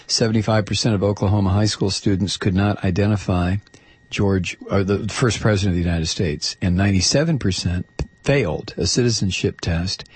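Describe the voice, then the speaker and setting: A man's voice: on the low side, breathy edge, no echo. A man hosting a talk show, reading a listener's letter aloud in an emphatic, sarcastic way. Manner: emphatic, sarcastic, stretches key words.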